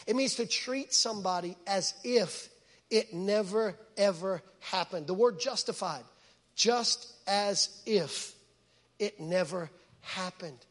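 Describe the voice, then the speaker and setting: A man with a very high, bright voice delivers an emphatic sermon, hammering words through repetition. His voice rings out in a large church hall with a long reverb trailing after each phrase. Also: slow. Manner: emphatic, repeats words for stress. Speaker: pastor.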